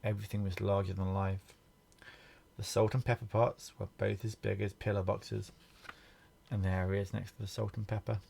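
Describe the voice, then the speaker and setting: A man reads a children's picture book aloud in a gentle, patient way. He stops now and then to point out the pictures to the listener. His voice is low with a gravelly fry. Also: flat delivery, normal speed, slight background noise. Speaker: storybook reader.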